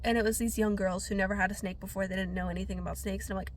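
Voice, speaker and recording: A woman's voice: mid-range voice, fast talker, few pauses. A young woman vlogging casually to camera while sniffly from being sick, rambling and self-deprecating with lots of filler words. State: sniffly from a cold.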